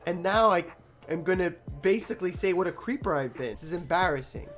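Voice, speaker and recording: A man's voice: sits high, quick pace, faint music behind. A young man hosting a podcast, telling a story in a casual, rambling way, swearing freely and laughing often. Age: young adult. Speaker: podcast host.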